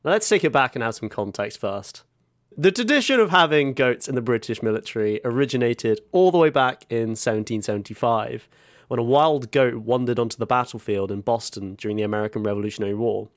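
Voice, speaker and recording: A man's voice: medium pitch, a little fast, no echo, studio quality. A man co-hosting a comedy podcast, telling a story in a mock-grand way and swearing as he laughs. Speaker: co-host. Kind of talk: comic podcast chat.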